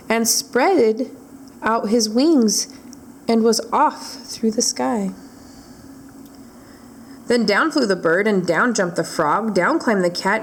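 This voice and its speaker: A woman reading a rhyming picture book aloud for a library storytime. Her pace is slow and deliberate, following the rhythm of the verse. A faint room ambience sits behind her voice. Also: medium pitch, a little hiss or hum.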